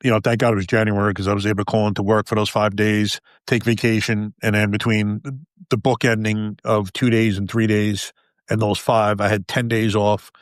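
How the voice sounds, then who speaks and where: A man in his fifties speaks candidly and bluntly, with cursing, in a fairly low voice. The sound is dry and close, without any room echo. He tells his story in a conversational way. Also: little pitch movement, brisk. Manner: blunt, profane, emotional. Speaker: podcast guest, retired police officer.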